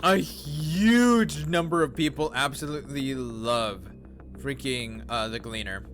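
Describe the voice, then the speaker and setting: A man casually chatting as he livestreams a video game, animated and profane, laughing often. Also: mid-range voice, takes it slowly. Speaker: streamer. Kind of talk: casual gaming livestream commentary. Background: faint game music.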